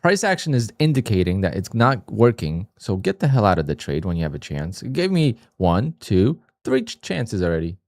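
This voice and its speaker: A man's voice: on the low side, very animated, moderate pace, hardly any pauses, a little mellow, dry recording, clean studio sound. A man livestreaming his day trading, muttering to himself and scolding himself with sudden frustrated outbursts. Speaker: day trader streaming his trades. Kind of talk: live trading commentary.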